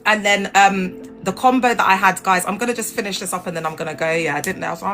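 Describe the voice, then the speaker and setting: Animated woman chatting on a livestream. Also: fast talker, soft background music. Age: adult with grown children. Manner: animated, laughing, swings pitch up high. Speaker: livestream host. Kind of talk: casual chat.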